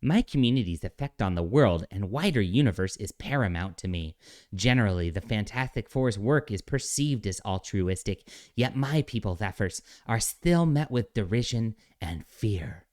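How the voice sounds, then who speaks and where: A man's voice: on the low side, animated, moderate pace, darkish tone, close to an everyday voice. A man voicing a prim, preachy alien rock creature in a mocking "soy voice", reading a comic aloud. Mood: earnest. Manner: earnest, lecturing, mocking "soy voice".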